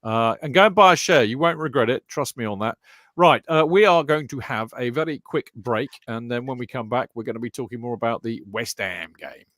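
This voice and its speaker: Chatty bright-voiced male podcast host. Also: mid-range voice, a little fast, dry recording. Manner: chatty, rambling with many fillers and restarts. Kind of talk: casual chat.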